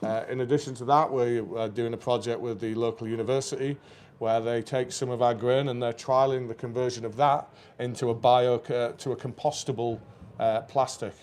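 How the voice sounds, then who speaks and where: A man in the middle range of pitch talks through a live beer stream from a brewery venue. He rambles along with plenty of ums and restarts, in an easygoing, conversational way. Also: little pitch movement, brisk, darkish tone. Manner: chatty, rambling with fillers. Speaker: brewery co-host. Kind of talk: casual live stream chat. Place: brewery taproom.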